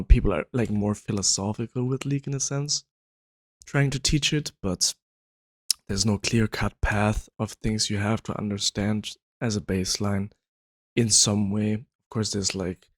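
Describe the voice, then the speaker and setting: A man's voice: lowish voice, no room sound. A man hosting his own video, explaining his views in a casual, rambling way with lots of fillers, his voice sounding worn and tired. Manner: rambling, frequent "you know" fillers. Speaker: video host.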